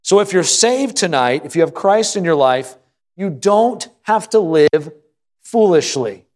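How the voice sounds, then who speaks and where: A man's voice: sits high, animated, measured pace. A man, a pastor, preaching a sermon to a congregation, reading scripture and drawing call-and-response. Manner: reads scripture aloud and acts out an anxious prayer.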